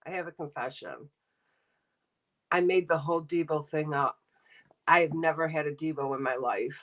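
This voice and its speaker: Bright-voiced woman ranting on a livestream. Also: medium pitch, poor audio. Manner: animated, blunt and sarcastic, addresses chat. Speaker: live streamer. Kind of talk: casual livestream rant.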